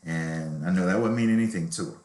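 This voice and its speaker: A man's voice: deep voice, brisk, darkish tone. A middle-aged man, a novelist, telling his life story in a reflective, candid way during an interview. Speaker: novelist guest. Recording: roomy echo.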